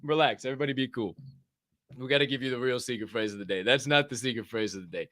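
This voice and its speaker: A young man hosting a livestream podcast, loud and joking, swearing freely and laughing at himself. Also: medium pitch, fast talker, dry recording. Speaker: podcast host. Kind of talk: loose, profane livestream chat.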